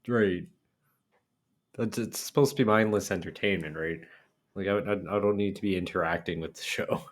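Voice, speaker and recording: A man's voice: sits low, normal speed. A man co-hosting a reaction video, easygoing and agreeable in casual chat. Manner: easygoing and agreeable, chuckles often.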